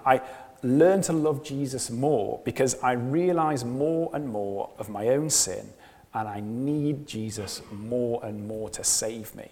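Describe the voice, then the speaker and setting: Guy preaching, slow and earnest, lots of repeated lines and questions, long hall reverb. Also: mid-range voice, warm tone. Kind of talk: sermon.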